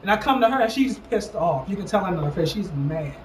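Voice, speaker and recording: A man tells a story in a casual talk session with animated emphasis, acting out what other people said and repeating lines for punch. He sits back from the mic in a roomy, echoing space. A light hiss sits under his voice. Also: high-pitched, fast talker, far from the mic. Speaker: host.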